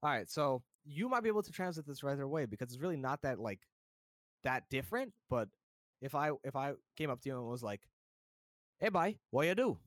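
A man's voice: mid-range voice, fairly quick, dry recording, clean studio sound. A young man from the United States chatting casually, rambling with lots of fillers. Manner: relaxed, rambling, many fillers. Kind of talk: casual chat.

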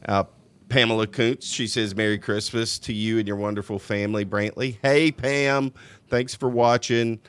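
A man's voice: on the low side, steady tone, moderate pace, smooth. A man with a Louisiana accent co-hosting a live podcast, chatting loosely and often restarting sentences. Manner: rambling, restarts and chuckles. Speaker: podcast co-host. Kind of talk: live casual podcast chat.

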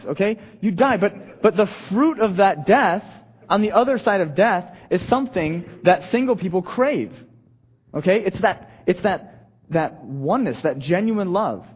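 Male preacher, husky, slightly high voice, conversational sermon, dull lo-fi recording. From United States. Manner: conversational, repeats "okay?" and restarts, swings between soft and emphatic. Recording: dull, lo-fi sound.

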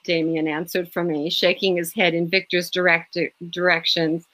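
Bright-voiced woman reading her story. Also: on the low side, flat delivery, normal speed. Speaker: author. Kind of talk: reading her own fiction aloud.

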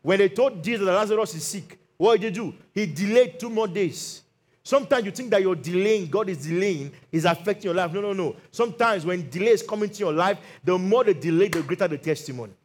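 A man's voice: sits high, fairly quick. A male pastor preaching a sermon, telling Bible stories with acted-out quotes and calls for amen. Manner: animated storytelling, acts out Bible quotes.

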